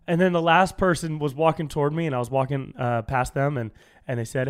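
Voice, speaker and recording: Young man, from California, comedy podcast host, lively storytelling, higher-pitched voice. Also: fast talker, clear, resonant tone. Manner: animated storytelling, acts out quoted strangers in higher voice. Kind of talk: solo comedy podcast monologue.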